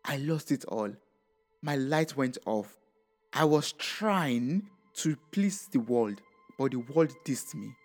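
A man's voice: medium pitch, animated, slow, faint music behind. A man narrating a dramatic first-person story in a reflective tone.

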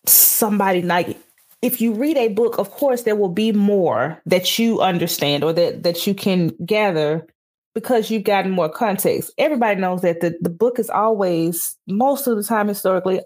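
A woman co-hosting a casual podcast. Her voice is husky and a little breathy, and her pitch sits in a middle range. She rants with lively emphasis and speaks straight to listeners as y'all. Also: normal speed. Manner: animated ranting, addresses listeners as y'all. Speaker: podcast co-host. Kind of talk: casual chat.

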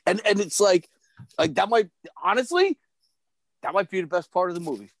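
A man in casual chat, halting and stammering with frequent swearing. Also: high-pitched, animated, dry recording.

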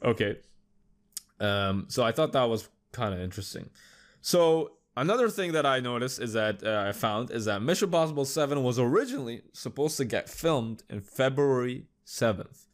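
Young guy doing a solo podcast rant, swears a lot, rambles, mid-pitched voice. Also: expressive, moderate pace. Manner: loose, rambling, heavy swearing. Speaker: podcast host. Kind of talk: casual solo commentary.

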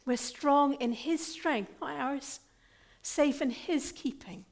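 A woman pastor preaching a sermon in an earnest, deliberate and emphatic way. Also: sits high, vocal fry.

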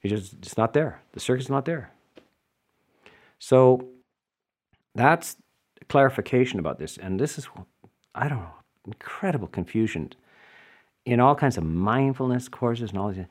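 A man's voice: mid-range voice, animated, a little slow, long pauses. A man giving a dharma talk as a Buddhist teacher, explaining emphatically and answering listener questions with rhetorical asides.

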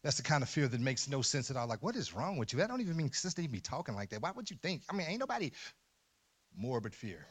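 A man preaching a sermon as pastor in a church, emphatic, dropping to low murmurs and rising to loud shouts. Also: big pitch swings, fast talker. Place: church sanctuary.

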